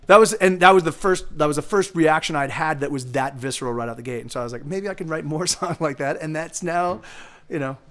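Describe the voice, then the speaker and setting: A man's voice: medium pitch, fairly bright tone. A man streaming live music, talking casually about writing a song, rambling with many restarts and swearing. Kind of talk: singing original songs, then casual chat.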